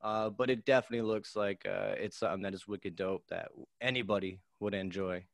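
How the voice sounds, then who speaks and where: A young adult man chatting as a podcast guest, upbeat and energetic, laughing a lot and using slang, from his home podcast studio. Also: lowish voice, a little fast, creaky, no echo. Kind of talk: casual chat.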